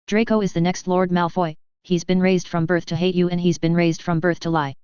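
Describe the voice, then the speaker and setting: A woman's voice: fairly low pitch, little pitch movement, a little fast, a little mellow, clean tone, no room sound, close to an everyday voice. A woman voicing a fierce young girl who warns with urgent intensity, in a dull, dry recording. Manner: intense, near-shrieking warnings.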